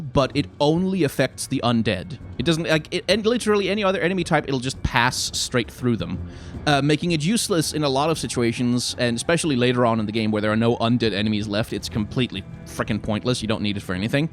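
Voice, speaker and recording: A man's voice: mid-range voice, quick pace. A man giving casual gameplay commentary as a let's play host, thinking aloud and swearing now and then. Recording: game music playing loudly underneath. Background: game music.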